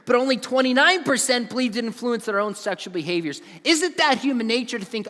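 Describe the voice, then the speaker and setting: A man in his forties delivers an earnest, emphatic talk to a young audience and leans on stories. His voice sits high for a man. It carries a long, lingering reverb from a large hall. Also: animated, brisk, hardly any pauses, sharp tone. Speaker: conference speaker. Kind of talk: earnest conference talk to students.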